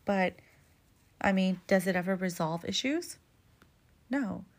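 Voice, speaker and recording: Hosting a podcast, a woman offers frank relationship advice in a relaxed monologue full of cursing and repeated "like"s. She speaks slowly and expressively at a medium pitch.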